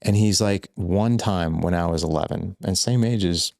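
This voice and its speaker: A man guest on a podcast, telling animated stories that act out quoted lines, with lots of filler words. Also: low voice, normal speed, vocal fry, no echo, studio quality. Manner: rambling, heavy use of filler words. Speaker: guest, fatherhood coach. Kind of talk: conversational podcast storytelling.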